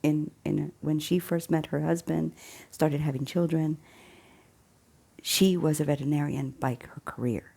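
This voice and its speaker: A woman casually retelling a film plot, an animated storyteller who chuckles and drops into hushed asides. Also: deep voice, a little slow, creaky, breathy edge. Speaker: faith channel host.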